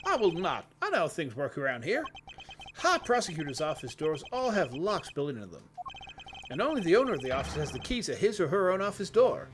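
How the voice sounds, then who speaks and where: A man doing an over-the-top jock prosecutor from a game, brash and indignant. His voice is pushed up high in a flamboyant made-up accent that swoops around, with faint music behind. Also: sing-song, fairly quick, background noise.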